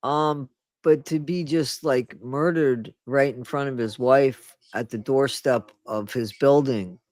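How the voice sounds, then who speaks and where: Recalling personal memories, this man in his sixties co-hosts a frank talk show, cutting in often, cursing freely and speaking with emphasis. His mid-range voice is a little mellow and slow, with no echo.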